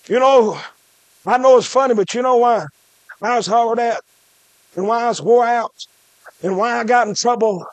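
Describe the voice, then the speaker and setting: A man preaching a shouted revival sermon in a church, punctuating his phrases with "uh" and "hey" and dropping low between the shouts. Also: moderate pace, no echo.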